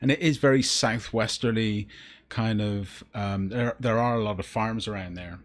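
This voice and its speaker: A man's voice: fairly low pitch, fairly even intonation, normal speed. A man from Bristol, England, a teacher co-hosting a podcast, telling stories in a reflective, casual way. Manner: storytelling, reflective, with restarts and fillers. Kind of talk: casual chat.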